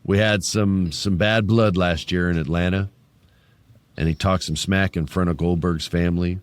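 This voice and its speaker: Deep-voiced joking podcast host. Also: male voice, moderate pace, dry recording. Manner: joking, laughs easily, relaxed banter. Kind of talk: casual chat.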